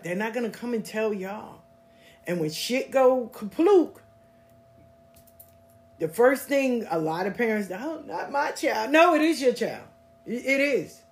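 Woman, podcast host, casual storytelling, blunt, animated, swears a lot. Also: mid-range voice.

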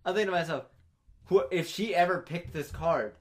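A man's voice: fairly high pitch, fairly quick. A man co-hosting a podcast, telling a story casually and acting out other people's lines in shifting voices. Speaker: podcast co-host.

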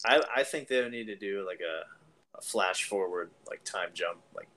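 A man's voice: low-pitched, moderate pace, pushed and bright, slight background noise. A man co-hosting a casual podcast chat, joking and acting out silly quotes. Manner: jokey, acts out quotes in silly voices. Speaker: podcast co-host.

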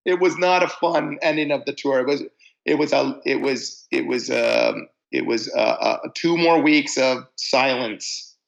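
Gravelly man telling rambling stories. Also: mid-range voice, unhurried, highs cut off. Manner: rambling, self-interrupting storyteller. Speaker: musician guest. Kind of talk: casual storytelling interview.

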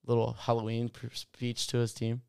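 A man in a casual sports chat, telling an animated story and acting out quotes in a raised voice. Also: mid-range voice, moderate pace, vocal fry, clear, resonant tone, dry recording, studio quality.

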